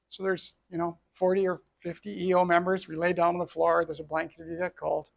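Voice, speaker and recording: A middle-aged man from Canada tells his own story with earnest, reflective feeling. His voice sits a little high and has a gravelly, creaky edge. He speaks as an entrepreneur sharing what happened to him. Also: little pitch movement, brisk, few pauses. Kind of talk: personal storytelling talk.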